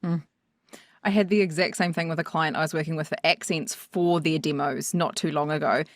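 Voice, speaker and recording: A woman accent coach on a podcast, telling a story in lively fashion and acting out both sides of the conversation. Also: low-pitched, fairly quick, no echo. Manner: animated storyteller who acts out both sides of a dialogue. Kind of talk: casual podcast chat.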